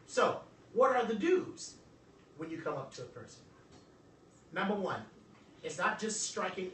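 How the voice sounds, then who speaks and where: A bright-voiced man speaking to a live group in a motivational workshop. He jokes and acts out short conversations with a lively delivery. The sound is roomy and picked up from some distance, with faint background ambience. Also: on the high side, slight background noise. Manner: animated, joking, acts out dialogues.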